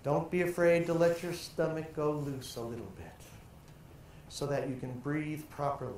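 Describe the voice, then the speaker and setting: Older man, booming in an echoey hall. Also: steady tone, moderate pace, a little mellow. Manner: theatrical, projects and stretches vowels and syllables in drills. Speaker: voice and speaking coach. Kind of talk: workshop lesson with vocal exercises. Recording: very echoey room, faint ambient noise.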